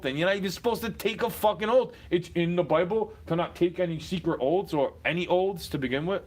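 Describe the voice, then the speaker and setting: A man delivering a profane, combative rant straight to the camera, swinging between low muttering and loud outbursts. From United States. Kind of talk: profane ranting monologue.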